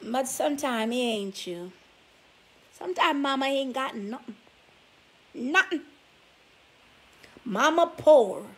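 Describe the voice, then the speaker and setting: A woman's voice: sits high, expressive, takes it slowly, pauses often, husky. A woman vlogger giving relationship advice, scolding her listeners with sassy rhetorical questions. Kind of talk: preachy talk to camera.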